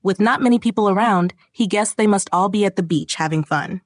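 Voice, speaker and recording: Female narrator for a kids' bedtime story, gentle and expressive, mid pitch, dry close sound. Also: brisk, no room sound.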